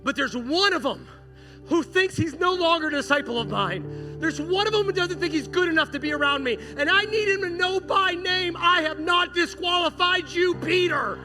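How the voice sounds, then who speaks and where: A pastor with a notably high-pitched voice preaches at a moderate pace, telling a story animatedly and acting out the quoted dialogue. Music plays clearly beneath him throughout.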